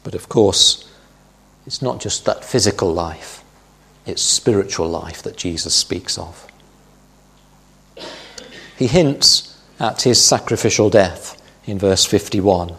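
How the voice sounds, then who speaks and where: A middle-aged man delivers a sermon, walking through scripture in a measured way. His voice sits low and has a husky edge. He leans on quoted verses for emphasis. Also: a bit bright. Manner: measured Bible teaching, quoting scripture with emphasis. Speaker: preacher.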